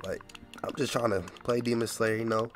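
A man's voice: mid-range voice, fairly even intonation, brisk, soft background music. A young man giving casual gameplay commentary, incredulous and repeating himself with frequent stammers. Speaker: gaming video creator.

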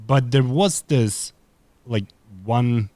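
A man's voice: mid-range voice, very slow, dark tone, no room sound. A man with a Swedish accent, whose first language is Swedish, chatting loosely as a podcast guest, full of fillers and restarts. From Sweden. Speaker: podcast guest, content creator. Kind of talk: casual interview chat.

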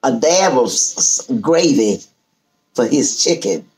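Captured in a rough recording, this guest is an older woman whose voice is extremely low in pitch. She spins a family story in relaxed talk, lively and drawn-out, dramatizing the words of her relatives.

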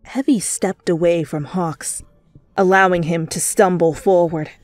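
A woman reading fanfiction aloud as a whispered role-play, telling the story softly over faint music. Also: on the low side, fairly even intonation, no room sound. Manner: soft, slow storytelling. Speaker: fanfiction reader.

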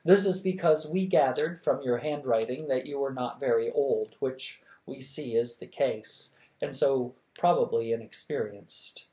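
A reader doing a gentle, courteous old king. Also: medium pitch, natural voice. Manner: warm, unhurried courtesy.

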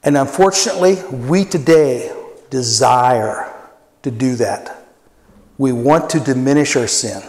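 A man in his sixties preaching a sermon as pastor, earnest and personal, often dropping his voice low for emphasis. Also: measured pace. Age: 60s. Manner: earnest, personal preaching with dramatic quiet drops. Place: church sanctuary. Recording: echoey church hall with long reverb.

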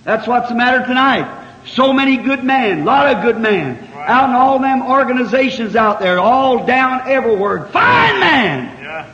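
A man in his fifties preaching a fervent revival sermon, dropping to quiet asides and rising to shouted cries. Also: extremely high pitch, normal speed. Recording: echoey hall, dull old tape.

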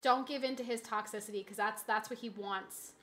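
A woman game streamer chats casually with her viewers, teasing and joking as she reacts to the match. Her voice sits high and sounds bright and sharp, with a playful edge. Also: fairly even intonation. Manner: playful, joking banter with chat, quick reactions to gameplay. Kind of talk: casual live-stream gaming chat.

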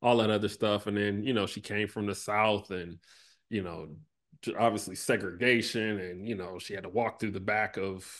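A man in his thirties speaks as a podcast guest in a fairly low voice. He talks in a loose, relaxed way, full of fillers, and his voice drops and fades as he reflects. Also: moderate pace. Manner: relaxed, lots of "like" and "you know", trails off softly. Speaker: podcast guest, former basketball player. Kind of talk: reflective conversational interview.

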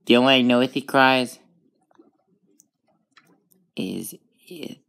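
A woman hosting a gaming channel, talking through gameplay in a rambling, excitable way with sudden high outbursts. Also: slow, creaky. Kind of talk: casual gameplay commentary.

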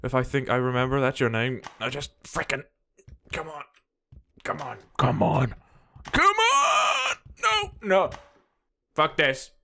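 A young man doing let's play commentary on a game, frantic and swearing, yelling at the game as he plays. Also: medium pitch, fairly even intonation, normal speed, gravelly. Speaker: gaming video host.

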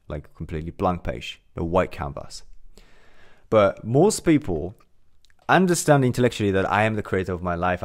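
A man with a very low voice gives a motivational talk as a mindset coach. He speaks earnestly and with emphasis. He circles back on his own phrases and leans on fillers as he builds each point.

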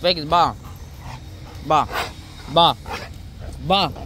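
A man chatting casually and calling to dogs outside, relaxed and offhand. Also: a little high, very slow, noisy background. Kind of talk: casual family chat.

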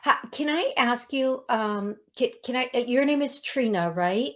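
A woman's voice: fairly high pitch, expressive, a little slow. A woman hosting a radio call-in show as a psychic medium, talking in a chatty way with many restarts and ums.

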